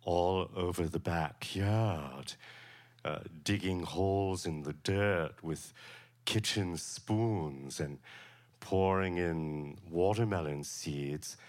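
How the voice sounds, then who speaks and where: A man from Georgia telling a childhood story in a calm, measured way. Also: low-pitched. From Savannah, Georgia. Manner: slow, measured and deliberate.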